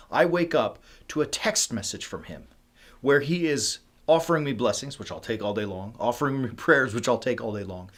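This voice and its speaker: A man leading a casual devotional livestream talk, animated and conversational, full of fillers, swinging between loud emphasis and soft, quiet moments. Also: mid-range voice. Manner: animated and conversational, with many fillers like "like" and "you know". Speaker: ministry leader.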